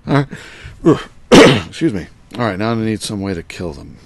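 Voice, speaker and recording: Low, gravelly man gaming live. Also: very animated, moderate pace, darkish tone. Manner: muttering to himself as he works, chatting to viewers. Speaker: live-streaming gamer. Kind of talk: thinking aloud while playing a game live.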